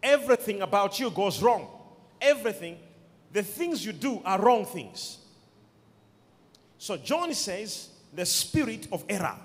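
Male preacher, high and very lively pitch, emphatic and repetitive, long reverb of a hall. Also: a little slow, long pauses. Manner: emphatic, repeats key words, calls for responses. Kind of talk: sermon.

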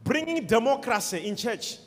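A man's voice: very high-pitched, lively intonation, normal speed, fairly bright tone. A man preaching a sermon as pastor, with emphatic call-and-response to the congregation. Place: church. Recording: long hall reverb.

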